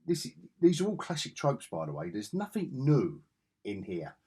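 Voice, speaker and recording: A man's voice: medium pitch, huge pitch swings, moderate pace, warm tone, husky. A man talking through comic books in a casual review vlog, chatty and enthusiastic.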